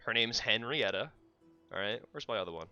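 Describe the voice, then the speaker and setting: A man's voice: fairly low pitch, animated, fairly quick, sharp tone, lo-fi sound, faint music behind. An American man livestreaming a game, chatting casually and teasing his co-host in joking banter. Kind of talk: casual chat while gaming.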